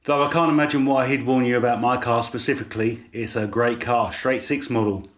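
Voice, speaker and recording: Narrator putting on a cocky young man, brisk and boastful. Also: mid-range voice, steady tone, close to an everyday voice. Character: confident young male vet, cocky.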